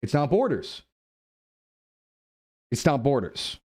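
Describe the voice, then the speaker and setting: A young adult man streaming a game live, chatting playfully with his chat and thinking his guesses out loud. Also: mid-range voice, very animated, slow, husky, dry recording, studio quality. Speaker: VTuber streamer. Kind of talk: live-stream gameplay commentary.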